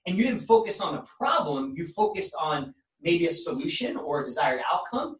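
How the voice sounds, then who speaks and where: A man's voice: a little high, big pitch swings, moderate pace, hardly any pauses, fairly bright tone. Fervent male life coach in an echoey room. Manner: fervent, preachy encouragement. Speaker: podcast host, life coach. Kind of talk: motivational speaking. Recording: echoey room, mic at a distance.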